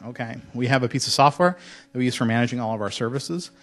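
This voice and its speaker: Man, conference talk, casual, joking storyteller, lecture hall, mid-pitched voice. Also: quick pace. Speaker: conference speaker.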